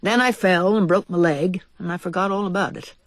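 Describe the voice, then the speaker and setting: A woman voicing a kindly older male white mouse in a storybook, courteous and measured. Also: lowish voice, dry recording, close to an everyday voice.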